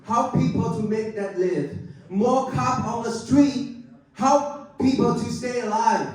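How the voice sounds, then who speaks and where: A man's voice: extremely high pitch, a little mellow. A man who is a political candidate, giving an angry campaign speech at a club meeting in broken English, emphatic and asking the crowd to agree. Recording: echoey room, mic far off.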